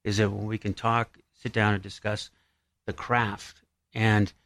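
A man's voice: fairly low pitch, flat delivery, unhurried, fairly bright tone, no echo, clean studio sound. A man interviewing a guest, affirming and enthusiastic, often restarting his sentences. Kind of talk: conversational interview.

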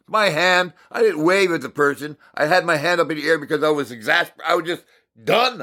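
Middle-aged man, devotional talk; bright, forceful tone, lively storytelling, repeats words for punch. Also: on the high side, a little fast. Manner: animated storytelling, swinging from loud exasperation to quiet reflection. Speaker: Christian speaker.

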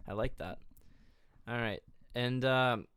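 A man's voice: medium pitch, slow, a bit bright, clear, resonant tone. A man hosting a podcast, bantering playfully and telling stories in casual chat. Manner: playful, joking, storytelling. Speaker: podcast host.

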